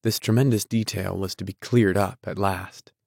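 Deep-voiced man reading a novel. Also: steady tone, moderate pace, gravelly, a little mellow, no room sound, clean studio sound. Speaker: audiobook narrator. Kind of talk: scripted novel narration.

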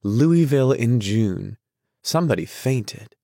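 A man voicing a restless, flighty young society woman in a storybook reading, lifting his voice into a sharp, petulant tone. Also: medium pitch, expressive, slow pace, no echo, clean studio sound, voice pushed up. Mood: wistful.

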